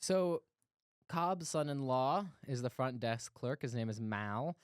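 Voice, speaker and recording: A man's voice: medium pitch, takes it slowly, clear, resonant tone, dry recording, clean studio sound. A man co-hosting a casual movie review podcast, laughing often while he recaps the plot. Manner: animated, laughing recaps with playful put-on quotes. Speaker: podcast co-host.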